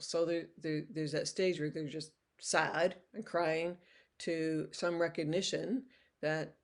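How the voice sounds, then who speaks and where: A woman's voice: deep voice, little pitch movement, slow pace. Older woman lecturing conversationally. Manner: conversational, with frequent restarts and "you know"; acts out toddlers' voices when quoting them. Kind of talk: recorded university lecture.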